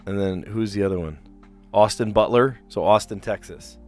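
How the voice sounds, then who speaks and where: Low-voiced chatty man thinking aloud. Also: normal speed, soft background music. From South Jersey. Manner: chatty, muses aloud and second-guesses himself. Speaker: livestream host playing word puzzles. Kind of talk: casual thinking-aloud commentary.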